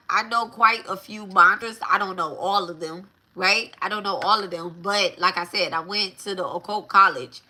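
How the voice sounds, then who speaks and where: A woman with a bright, forceful voice hosts a spiritual talk show and teaches at a slow, unhurried pace. She talks casually and repeats herself, often turning to her listeners with a quick "right?" or "okay?". Her pitch sits in an ordinary middle range. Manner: chatty, repeats herself, keeps asking "right?". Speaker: spiritual podcast host.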